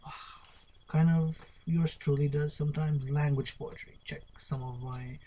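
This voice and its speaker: A man's voice: on the high side, steady tone, a little slow, mellow. A man reading a poetry glossary aloud, spelling out terms and improvising experimental poems, playful and drifting into murmurs. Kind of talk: solo spoken-word poetry lesson.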